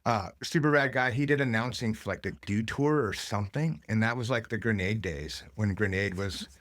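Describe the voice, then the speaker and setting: Middle-aged shop owner guest, lowish voice, rambling and relaxed, dry close mic. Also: male voice, normal speed, no echo. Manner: loose, rambling storytelling with many fillers. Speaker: skate and snowboard shop owner, podcast guest. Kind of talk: casual podcast chat.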